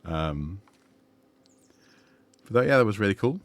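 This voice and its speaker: Man, gaming streamer, deep voice, rambling commentary, frequent ums and restarts. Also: sing-song, measured pace, no echo. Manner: chatty, digressive, many fillers and restarts.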